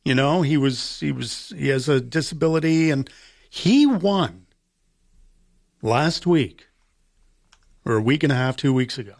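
A man co-hosting a radio show, talking in a relaxed, halting way. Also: mid-range voice, vocal fry, no room sound, clean studio sound. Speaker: radio co-host. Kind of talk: casual morning show chat.

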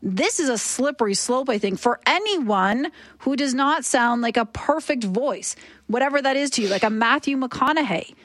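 A woman's voice: high voice, animated, moderate pace, fairly bright tone, dry recording. A woman, arguing passionately and emphatically as a talk radio host. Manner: impassioned, emphatic.

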